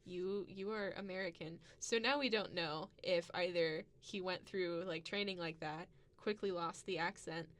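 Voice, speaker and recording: A woman's voice: lowish voice, unhurried, hardly any pauses. A woman co-hosting a podcast, chatting casually and telling an anecdote with frequent laughter. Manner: giggly, storytelling, animated. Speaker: podcast co-host. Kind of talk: casual chat.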